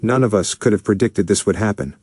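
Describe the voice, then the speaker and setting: A man's voice: lowish voice, fairly quick, a little mellow, no echo, studio quality, close to an everyday voice. A man voicing a young female doctor who pleads and reassures. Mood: reassuring.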